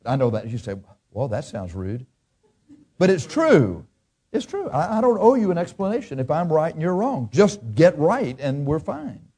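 A preacher man delivering a sermon with blunt, emphatic force, his voice sitting a little high for a man yet mellow and warm in tone. He acts out people's excuses in a whiny put-on voice. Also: sing-song, normal speed, slightly rough. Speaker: pastor.

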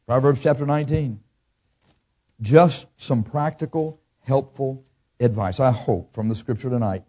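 A man preaching a sermon as pastor, blunt and emphatic, acting out people's excuses in a higher whiny voice. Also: measured pace, warm tone.

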